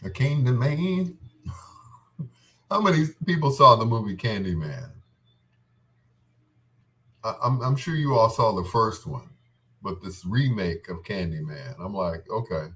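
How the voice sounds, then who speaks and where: A man hosting a show rambles through funny stories, his pitch rising and falling a lot. He laughs often and keeps slipping into character voices. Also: animated, a little slow, pauses often, sharp tone. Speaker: host. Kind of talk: comedic storytelling monologue.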